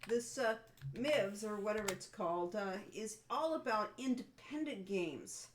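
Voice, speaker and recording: A woman co-hosting a casual developers' livestream. Her voice sits at an ordinary middle pitch. She chats in a friendly way and wanders from one memory to the next. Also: lively intonation, a little slow, a little hiss or hum. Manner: chatty, reminiscing, meandering. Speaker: co-host of a game developers' stream.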